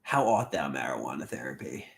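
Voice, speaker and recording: A man's voice: a bass voice, big pitch swings, brisk, vocal fry, slight background noise. A man hosting a casual livestream, rambling, repeating himself and greeting viewers by name as he reads their comments. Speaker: livestream host.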